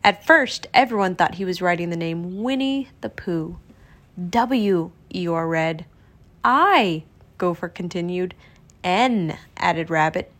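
A woman narrating a children's storybook read-aloud in an expressive, storytelling manner. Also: fairly low pitch, normal speed, few pauses.

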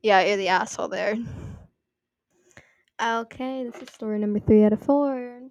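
A young woman reading online posts aloud and adding chatty commentary, full of "like" and quick apologies for her slips. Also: medium pitch, darkish tone, no echo, dull audio. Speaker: story reader and commentator.

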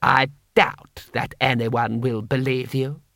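A man reading an audiobook, voicing a haughty, cold noble lord who speaks slowly and with disdain. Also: mid-range voice, level tone, gravelly, sharp tone, no echo, clean studio sound, full character voice. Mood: sneering.

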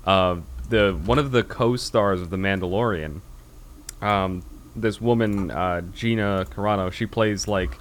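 An American man hosts a podcast in a rambling, casual chat, full of fillers and restarts. His voice is lowish and a little slow, with slight background noise.

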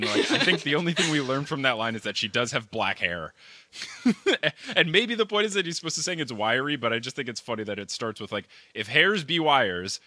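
A man's voice: on the low side, no room sound. A young man joking playfully while discussing a poem in casual chat. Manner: playful, jokey, animated.

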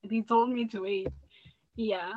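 A young woman from Burundi, a podcast guest, telling school stories in a lively way with frequent laughter and restarts. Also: medium pitch, unhurried, narrow, tinny audio, a little hiss or hum. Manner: animated storytelling, laughing often, many restarts. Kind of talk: casual interview chat.

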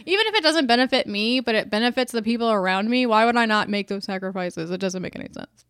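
A woman's voice: a little high, quick pace, clean tone, dry recording, clean studio sound. Blunt, sweary woman on a podcast. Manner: blunt, animated, swears freely. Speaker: podcast co-host. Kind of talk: casual chat.

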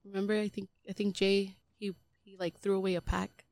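A woman's voice: mid-range voice, little pitch movement, a little fast, vocal fry, a little mellow, no echo. A woman on a podcast telling a personal story in casual chat, rambling with lots of fillers. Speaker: podcast co-host.

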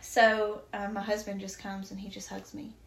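A woman's voice: mid-range voice, completely flat delivery, moderate pace, vocal fry, reverberant, a little hiss or hum. Chatty woman telling a personal story. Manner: chatty, many fillers, emotional and faith-filled. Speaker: podcast guest.

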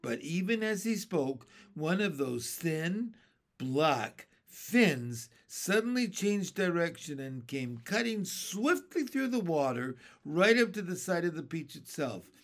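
A man reading a children's book aloud with expressive, dramatic storytelling. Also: fairly high pitch, slow.

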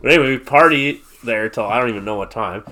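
A man's voice: medium pitch, fast talker, sharp tone, slight background noise. A man in his thirties, a podcast guest, telling a long rambling story in casual chat and swearing freely. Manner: rambling, heavy swearing, laughs through the story.

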